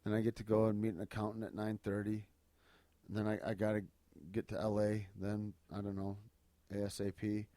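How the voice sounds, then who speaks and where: A man's voice: lowish voice, completely flat delivery, brisk, warm tone, dry recording. A man hosting a podcast in casual chat, ranting and joking with lots of swearing. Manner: profane, rambling joking rants. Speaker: podcast host.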